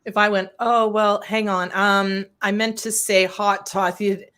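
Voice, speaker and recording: A woman's voice: mid-range voice, unhurried, clean tone. A woman who co-hosts and produces podcasts, talking in casual chat and acting out examples with laughs. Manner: animated, acts out examples with laughter.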